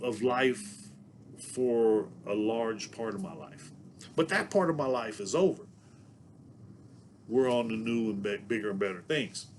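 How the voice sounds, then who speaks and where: Man from San Diego, vlogger storyteller, mid-pitched voice, loose rambling delivery, constant fillers, laughs as he goes. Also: a little hiss or hum. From Southeast San Diego, California. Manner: rambling, packed with "you know what I'm saying"; laughs between thoughts. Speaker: vlogger telling prison stories. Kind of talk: casual storytelling to camera.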